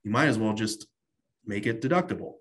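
Husky-voiced man talking loosely about tax. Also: on the low side, animated, brisk, fairly bright tone. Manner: loose storytelling with many fillers. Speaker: guest tax strategist. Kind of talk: casual interview talk.

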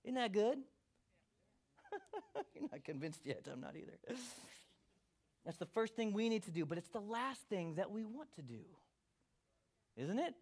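A male pastor preaching a sermon, swinging from hushed to loud and acting out quotes. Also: high voice.

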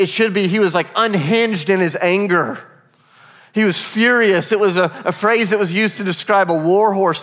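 Guy pastor preaching, earnest, kinda high voice, echo of a big church hall. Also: a bit bright. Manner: earnest, repeats words, varies pace for emphasis. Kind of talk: sermon. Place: church sanctuary. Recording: long reverb of a large hall.

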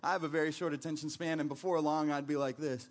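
A man's voice: a little high, steady tone, fast talker. A man preaching a sermon as pastor, telling stories in a casual, conversational way with frequent restarts.

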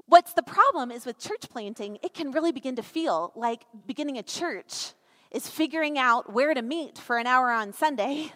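A woman preaching a sermon with emphatic, animated delivery and playful asides to her congregation. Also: sits high. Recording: reverberant church hall.

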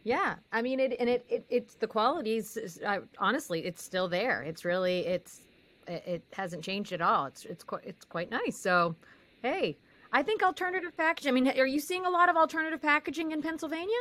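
A woman hosting a casual interview, chatty and quick to laugh, often restarting her sentences. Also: fairly high pitch, lively intonation, a bit bright. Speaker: host.

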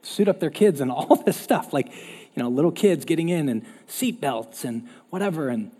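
A male pastor preaching a sermon in an animated, conversational way in a church hall. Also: a little high, moderate pace, breathy edge. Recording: long hall reverb.

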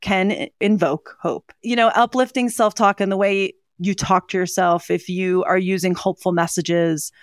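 A woman's voice: mid-range voice, fairly even intonation, moderate pace, hardly any pauses, no echo. A woman co-hosting a podcast, speaking in an earnest, conversational way with frequent ums and you-knows. Her voice sits in a middle register and is recorded close and dry, with no room sound. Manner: warm, earnest, with frequent fillers. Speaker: podcast co-host. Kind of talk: casual chat on hope and mental health.

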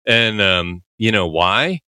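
A man's voice: lowish voice, lively intonation, slow, pushed and bright, smooth, dry recording, clean studio sound. A man hosting a show, casually breaking down a TV episode in a loose, rambling way, full of filler words and laughing often. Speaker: podcast host analyzing a TV episode. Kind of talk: casual commentary.

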